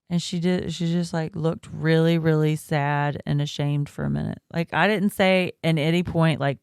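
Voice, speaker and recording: Woman, 30s, podcast co-host, gravelly voice, dry close sound, chatty storyteller. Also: deep voice, steady tone, normal speed, hardly any pauses, a little mellow, dry recording. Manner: storytelling, laughs often, many fillers. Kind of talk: casual chat.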